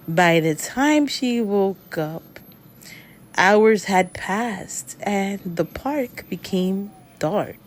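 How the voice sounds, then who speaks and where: A woman with a fairly low-pitched voice tells a scary story casually, rambling at an unhurried pace. Her telling is packed with fillers like "he goes."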